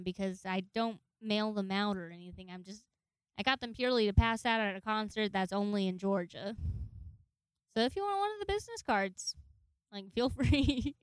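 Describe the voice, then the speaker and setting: A woman's voice: mid-range voice, clean tone, no room sound. A young woman hosting a podcast in casual chat, rambling and giggly, with a chatty way of talking. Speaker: podcast host.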